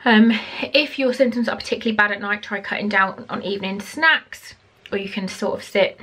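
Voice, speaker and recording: A woman's voice: mid-range voice, a little fast, fairly bright tone. A woman chatting casually in a vlog, a little out of breath, rambling between reading aloud and her own comments. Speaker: vlogger giving a pregnancy update.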